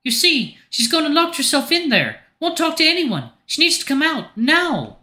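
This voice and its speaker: A man's voice: extremely high pitch, wildly swooping pitch, normal speed, sharp tone, pitched above the performer's own voice, heavily acted. A man voicing a worried, impatient young woman who keeps after her sister in a story game. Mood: insistent. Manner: insistent, fussing.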